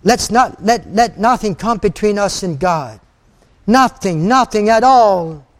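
An older male preacher with a high voice delivers a fervent sermon. He repeats his phrases for emphasis and quotes scripture in old-fashioned wording. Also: animated, unhurried.

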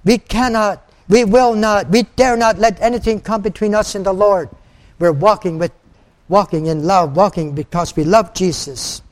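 A man's voice: high voice, moderate pace. An older man preaching a sermon with fervor, repeating phrases for emphasis and quoting scripture in old-fashioned wording.

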